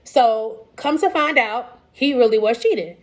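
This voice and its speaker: Candid woman in her thirties, higher voice. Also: expressive, measured pace. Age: 30s. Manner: casual, candid, many fillers and restarts, quoting others. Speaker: vlogger sharing personal story. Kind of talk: candid personal storytelling.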